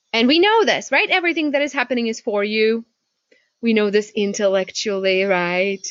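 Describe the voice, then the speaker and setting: A woman coach talks through a video call, her voice sitting a little high. She tells her story animatedly and keeps asking rhetorical questions. The sound is dry and dull, like a muffled video-call line. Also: fairly bright tone, no echo. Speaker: business coach. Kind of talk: casual talk on a video call. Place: home porch.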